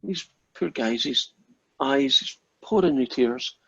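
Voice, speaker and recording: A man's voice: medium pitch, slow pace, gravelly, fairly bright tone, husky, no room sound. A man teaching a math class online, telling a joke in a chatty, informal way before getting back to the lesson. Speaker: math lecturer. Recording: dull lo-fi audio, dry.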